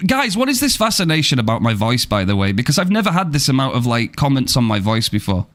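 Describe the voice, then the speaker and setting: A man's voice: mid-range voice, sing-song, fast talker, a bit bright. A man chatting casually with his viewers on a live game stream, upbeat and thankful as he answers the chat.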